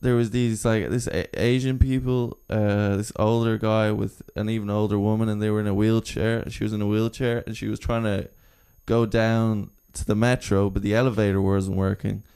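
A man's voice: fairly low pitch, flat delivery, moderate pace, few pauses, mellow, clean tone. A young man with an Irish accent, rambling through anecdotes in casual chat and laughing at his own stories. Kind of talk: casual storytelling.

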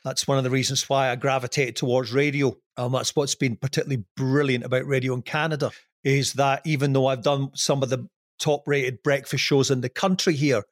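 A man's voice: medium pitch, flat delivery, a little fast, no room sound, clean studio sound. Candid middle-aged Scottish man. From Scotland. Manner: candid, rambling, self-deprecating, with many restarts. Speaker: podcast guest, former TV presenter. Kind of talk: casual podcast interview.

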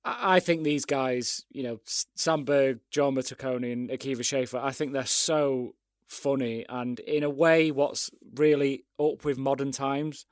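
A man co-hosting a casual film review chat, animated and acting out scenes he liked. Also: medium pitch, a little slow, dry recording, studio quality. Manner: animated, acts out scenes with quoted lines. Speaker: podcast co-host.

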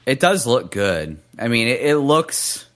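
A man's voice: medium pitch, sing-song, unhurried, a bit bright. A man co-hosting a gaming podcast, talking casually with many fillers and restarts. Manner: hesitant, filler-heavy, laid-back. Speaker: podcast co-host.

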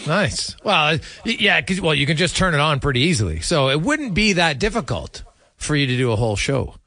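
Chatty radio host guy, middle-aged, highish sharp voice, dry studio. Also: very animated, fairly quick, no echo. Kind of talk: casual interview chat.

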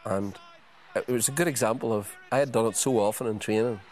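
A middle-aged man, a former footballer telling lively anecdotes as a guest, full of "you know". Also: on the low side, a little fast. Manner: chatty, leans on "you know", acts out scenes. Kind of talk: animated anecdotal storytelling.

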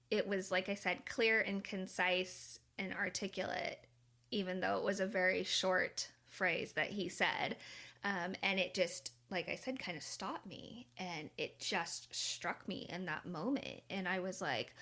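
A woman's voice: medium pitch, unhurried, pushed and bright. A woman in her thirties, a mother, casually and earnestly telling a personal story with many fillers and asides.

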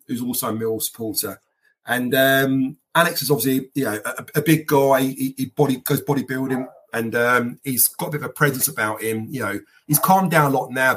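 A middle-aged man, telling lively football anecdotes with laughs in a casual chat. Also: medium pitch. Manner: animated anecdotes, laughs as he tells them. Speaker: guest football fan. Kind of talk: casual storytelling.

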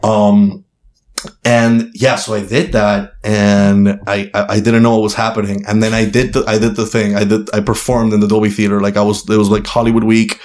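A man's voice: on the low side, flat delivery, moderate pace, darkish tone. A young man from Miami, a guest comedian, telling a story in a rambling, profane way full of fillers. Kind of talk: casual podcast storytelling. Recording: roomy echo.

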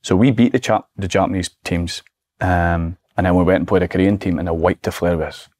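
A Scottish man in his forties, a guest telling lively anecdotes in a casual podcast chat. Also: deep voice, a little fast, no room sound. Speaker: guest, former footballer and manager.

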